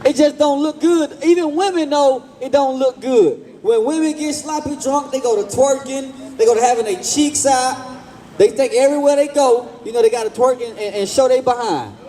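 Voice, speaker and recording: High-voiced man preaching on the street. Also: moderate pace, warm tone. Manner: blunt, questioning, slangy, repeats himself. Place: outdoors on a street.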